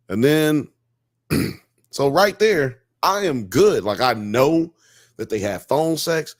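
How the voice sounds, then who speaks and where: A male host chats casually on a live-stream show, joking and slangy with a lot of animation. His delivery is unhurried and his pitch sits mid-range. The sound is close and dry, with no room around it. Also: sing-song, no echo. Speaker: podcast host.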